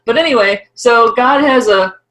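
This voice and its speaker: A middle-aged woman co-hosting a podcast, talking through a TV episode in a chatty, rambling way with quick asides. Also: a little high, fairly bright tone, poor audio. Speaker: podcast co-host. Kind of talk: casual discussion of a TV episode.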